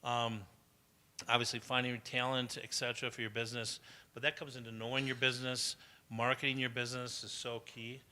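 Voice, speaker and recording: A man's voice: mid-range voice, level tone, fairly quick, bright, forceful tone. A man speaking to entrepreneurs at a live business event, chatty and anecdotal, laughing often and asking the audience questions. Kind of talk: motivational talk to entrepreneurs.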